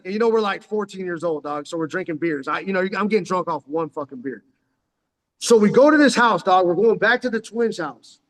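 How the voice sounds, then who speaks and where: A man in his forties from San Diego rattles off a story at a fast clip in loose, profane slang, calling the listener "dog" again and again. His voice sits fairly high for a man. The recording has a long, echoing reverb. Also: fairly bright tone. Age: 40s. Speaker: vlogger. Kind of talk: casual storytelling. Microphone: headphones on.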